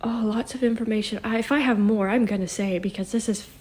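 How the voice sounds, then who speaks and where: A shaken, emotional woman speaking haltingly as a psychic, often dropping into a whisper. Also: on the high side, steady tone, a little mellow. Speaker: self-described psychic vlogger. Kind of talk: emotional spoken channeling.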